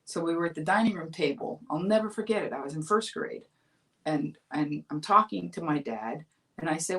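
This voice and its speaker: Low-voiced woman telling a chatty story. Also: animated, brisk, a bit bright, recorded from a distance. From Florida. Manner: chatty and amused, laughs through her stories. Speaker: comedian host of a weekly livestream talk show. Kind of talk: casual storytelling monologue.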